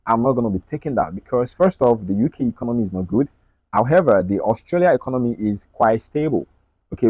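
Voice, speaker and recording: A man walking viewers through his market analysis on screen, talking quickly and checking in with them often. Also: mid-range voice, darkish tone, no room sound, dull audio. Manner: rapid, repetitive, checks in with "right?" and "okay?". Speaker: trading analyst.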